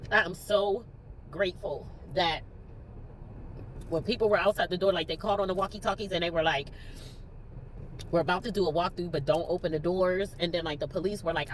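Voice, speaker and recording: A woman's voice: medium pitch, a little hiss or hum, low-quality recording. A young woman with a Philadelphia accent, a teacher telling an emotional story to her viewers, close to tears and talking straight to them. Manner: tearful, expressive, talks straight to viewers. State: near tears. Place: in a car.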